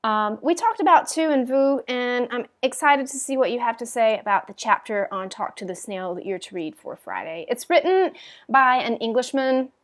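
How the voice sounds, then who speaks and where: A woman's voice: a little high, expressive, normal speed. A woman teaching a French class in a recorded lecture, patiently explaining with frequent ums and modelling the phrases aloud.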